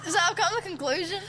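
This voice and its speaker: A woman hosting a podcast, giggly and crude in casual banter. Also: very high-pitched. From American South. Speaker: podcast host. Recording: podcast audio with clear background noise.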